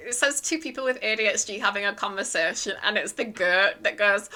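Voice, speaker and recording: A woman's voice: medium pitch, fairly quick, bright, forceful tone. A woman chatting casually to her stream viewers, telling a story in a rambling, hesitant way full of fillers.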